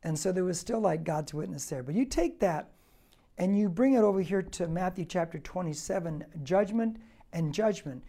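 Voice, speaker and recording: A man's voice: sits high, lively intonation, moderate pace, warm tone. A male pastor teaching a Bible passage verse by verse, preaching emphatically with repetition and rhetorical questions.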